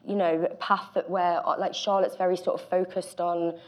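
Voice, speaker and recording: A woman's voice: on the low side, flat delivery, normal speed. A woman actor on a panel, speaking hesitantly with many fillers. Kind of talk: panel discussion.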